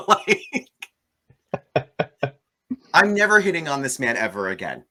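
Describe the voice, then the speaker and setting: A man hosting a casual movie review chat, animated and gossipy, often swearing. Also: mid-range voice, fairly quick. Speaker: host.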